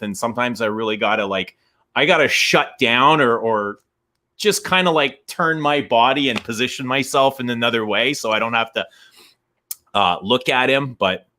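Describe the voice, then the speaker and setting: A man's voice: medium pitch, moderate pace, pushed and bright. A middle-aged Canadian man with a Canadian accent, co-hosting a stream in casual, rambling chat with many restarts. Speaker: stream co-host.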